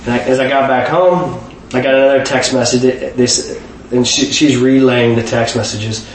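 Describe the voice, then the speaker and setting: A man telling a personal faith story in an animated way, often restarting his sentences. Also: medium pitch, moderate pace, slight background noise. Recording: echoey room, mic at a distance.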